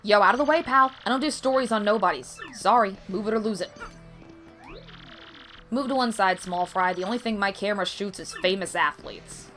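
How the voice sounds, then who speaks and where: A woman voicing a pushy, brash male sports photographer who talks in a gruff, dismissive way. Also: mid-range voice, normal speed, a bit bright, faint music behind, pitched above the performer's own voice, natural voice.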